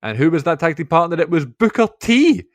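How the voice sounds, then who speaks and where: A man's voice: on the high side, big pitch swings, fairly quick, no echo. A Scottish man co-hosting a podcast, chatting casually, laughing often and reading out lists of matches. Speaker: podcast co-host.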